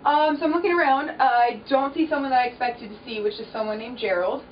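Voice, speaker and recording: A young woman hosting a radio interview, bubbly and quick, often laughing. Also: high-pitched, echoey room. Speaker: radio host. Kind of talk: casual interview chat. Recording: distant lo-fi mic with faint background noise.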